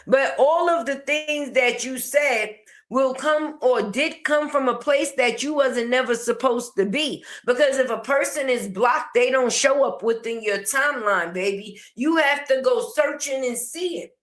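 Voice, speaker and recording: A woman's voice: high-pitched, measured pace. A woman giving a sassy, slangy commentary rant, mocking and talking back to the person she discusses. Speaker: online commentator.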